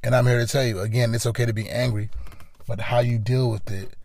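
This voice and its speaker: A man with a rough, gravelly edge to his voice talks straight to the listener in a motivational monologue. He is earnest and conversational and circles back on his own phrases. The sound is close and dry, with no room around it. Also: mid-range voice, steady tone, brisk, a little mellow, dry recording. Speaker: podcast host.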